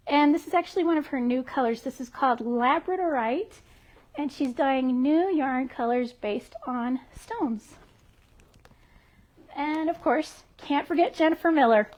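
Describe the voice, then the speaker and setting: A woman who works at a yarn shop, presenting products on a livestream in a bubbly, giggly, friendly way. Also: high voice. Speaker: yarn shop staff member.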